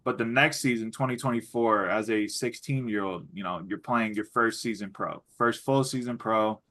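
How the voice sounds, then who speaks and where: A man's voice: fairly low pitch, moderate pace, bright, forceful tone. A man interviewing a young athlete, asking long, looping questions full of restarts.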